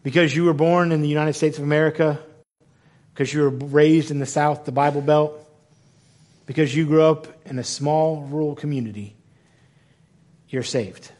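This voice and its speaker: A male pastor preaching a sermon in a church in the American South, with a fairly high voice for a man. He talks in an animated way, corrects himself mid-sentence and acts out the people in the passages he reads. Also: normal speed, pauses often.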